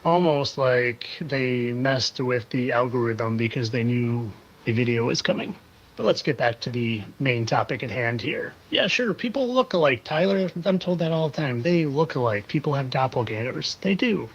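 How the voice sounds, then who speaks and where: A man's voice: mid-range voice, lively intonation, moderate pace. A man hosting a monologue video, talking in a sarcastic, insinuating way and repeating phrases for effect. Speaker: conspiracy video host. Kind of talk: monologue over clips. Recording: dull lo-fi sound.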